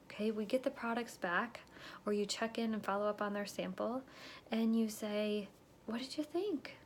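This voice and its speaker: A woman's voice: mid-range voice, level tone, normal speed. Lady coaching sales reps, chatty, keeps asking okay?, faint hum of the room behind her. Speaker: direct sales consultant. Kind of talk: instructional talk to sales reps.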